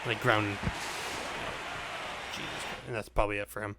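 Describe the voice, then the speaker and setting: A young man commenting on his own baseball video game play, venting frustration, swearing and swinging between loud outbursts and low mutters. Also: level tone, moderate pace, heavy background noise. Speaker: gaming YouTuber.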